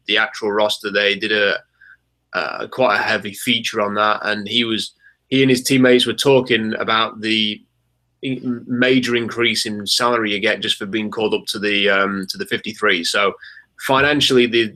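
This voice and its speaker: Guy chatting on a sports podcast, bright voice, lots of ums. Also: fairly low pitch. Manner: chatty, hesitant with many ums. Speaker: podcast co-host. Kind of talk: casual podcast chat.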